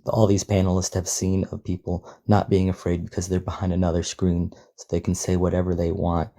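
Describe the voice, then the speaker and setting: A man's voice: deep voice, monotone, a little fast, warm tone. A man speaking as a panelist in a casual discussion, earnest and conversational.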